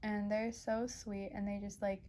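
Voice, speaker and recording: Chatty young woman, mellow voice. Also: medium pitch, little pitch movement, a little slow. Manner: chatty, rambling with many fillers and restarts; emotional, gushing. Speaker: tarot reader. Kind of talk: casual pick-a-card reading.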